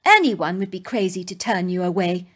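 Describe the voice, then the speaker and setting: A woman's voice: on the low side, lively intonation, moderate pace, husky. A woman voicing a soothing, doting mother. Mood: reassuring. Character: gentle reassuring mother, middle-aged woman.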